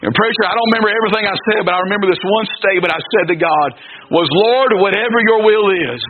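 A man's voice: sits high, quick pace. A man preaching a personal testimony sermon, emphatic, telling a story and calling for amens from the congregation. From North Carolina. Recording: lo-fi phone-like radio broadcast with congregation noise.

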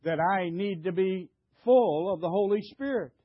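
A man's voice: high voice, normal speed, husky, dry recording, highs cut off. An older man preaching a sermon, emphatic, stammering and repeating himself as he questions the congregation. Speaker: pastor.

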